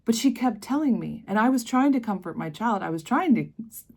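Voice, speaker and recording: A woman's voice: fairly high pitch, expressive, brisk, a little mellow. American woman telling a personal story. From United States. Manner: earnest, conversational, with emphatic rises. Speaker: vlogger.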